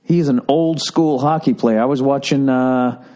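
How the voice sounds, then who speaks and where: A man's voice: mid-range voice, measured pace. A man hosting a podcast, talking casually in a profane, rambling way that jumps between topics. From United States. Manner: profane, rambling, animated storytelling. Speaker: podcast host. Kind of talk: casual solo podcast rant.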